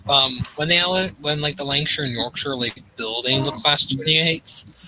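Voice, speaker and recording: Excitable rambling man, fairly high voice. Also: a little hiss or hum, poor audio. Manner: rambling, excitable, thinking aloud with many fillers. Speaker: gaming channel host. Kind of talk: casual chat while gaming.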